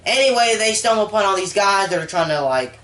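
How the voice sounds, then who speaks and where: Reviewer channel host, chatty recap with lots of filler, mid-pitched voice in an echoey room. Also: expressive, quick pace, a bit bright. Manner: rambling, heavy use of "like", emotional about the story. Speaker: movie reviewer. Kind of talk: casual spoken film recap.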